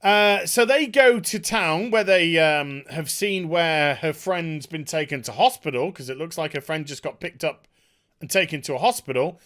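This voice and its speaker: A man's voice: a little high, moderate pace, a bit bright. A man ranting sarcastically in a review vlog, exasperated and swearing a lot. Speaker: TV episode reviewer.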